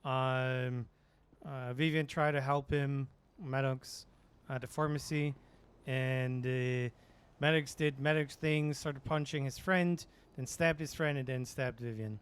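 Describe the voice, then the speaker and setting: A man's voice: medium pitch, steady tone, slow pace, smooth. A man doing in-character police roleplay in a game, talking hesitantly with many filler sounds. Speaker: police sergeant in a roleplay server.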